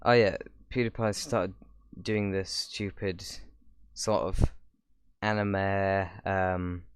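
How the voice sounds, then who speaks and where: A man's voice: low voice, level tone, takes it slowly, clear, resonant tone, no room sound. A young man hosting his channel, giving rambling casual reaction commentary with sarcastic asides. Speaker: YouTuber host.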